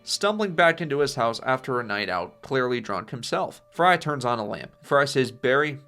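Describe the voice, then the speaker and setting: A man reading out a film pitch scene by scene, with casual asides. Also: big pitch swings, normal speed, pushed and bright, soft background music. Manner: plain storytelling with casual asides. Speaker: channel host pitching a film.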